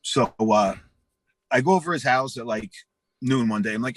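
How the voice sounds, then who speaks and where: A husky man in his forties, telling rambling, profane stories as an interview guest and acting out the voices in them. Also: medium pitch, a little fast, dry recording. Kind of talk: casual storytelling.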